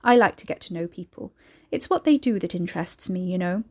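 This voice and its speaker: A woman's voice: lowish voice, expressive, a little fast, darkish tone, husky. A woman reading aloud, putting on a shrewd, calculating older hostess with a faintly affected, probing manner. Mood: chatty.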